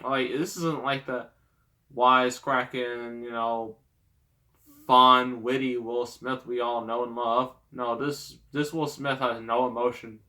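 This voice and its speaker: A man's voice: medium pitch, level tone, slow, sharp tone. A man giving a casual, rambling movie review, sarcastic, with lots of fillers.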